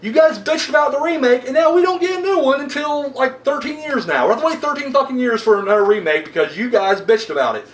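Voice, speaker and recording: A man giving a casual, excitable horror movie review, swearing often and laughing as he talks. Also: extremely high pitch, fast, few pauses, recorded from a distance. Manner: excitable, profane, laughs while talking. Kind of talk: casual rambling film review. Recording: roomy sound, away from the mic.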